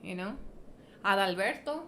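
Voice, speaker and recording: A woman's voice: medium pitch, expressive, moderate pace, bright, forceful tone, slight background noise. A woman livestreaming in casual chat, blunt and profane, teasing and laughing often, slipping into Spanish phrases.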